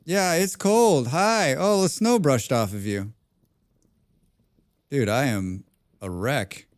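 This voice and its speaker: A man's voice: fairly high pitch, very animated, slow pace, pauses often, darkish tone, no room sound, studio quality. A man live-streaming a survival game, chatting casually with his viewers and repeating his own phrases. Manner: chatty, talks to himself and chat, repeats phrases.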